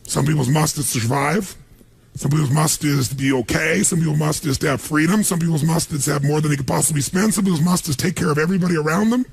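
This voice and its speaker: A middle-aged man giving an energetic motivational seminar speech, punchy and questioning the crowd. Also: on the high side, quick pace. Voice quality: gravelly, husky. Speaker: motivational speaker. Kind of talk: live seminar speech to an audience.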